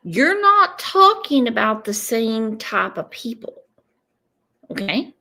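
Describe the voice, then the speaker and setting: A woman's voice: on the high side, big pitch swings, takes it slowly, gravelly, pushed and bright. A woman giving casual true crime commentary, emphatic and stopping often to ask "okay?". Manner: emphatic, repeats "okay?" for stress.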